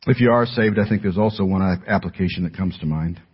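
A male pastor preaching a sermon in earnest, moving between raised emphasis and hushed pleading. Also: deep voice, fast, slightly rough, dull audio.

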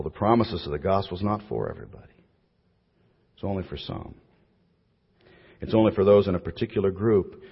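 A man preaching a sermon in a low, husky voice, pressing hard on key words before his phrases fade away to almost nothing. The sound is dull and muffled, with a long reverb from a large church hall. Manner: emphatic preaching with repeated phrases trailing off softly. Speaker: pastor.

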